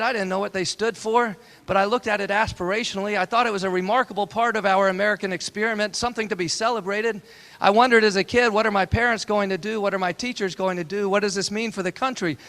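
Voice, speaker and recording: A man's voice: high voice, fairly bright tone. A man in his forties giving a town hall campaign speech, telling a family story in a folksy, impassioned way with repeated rhetorical lines. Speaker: political candidate. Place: town hall meeting room.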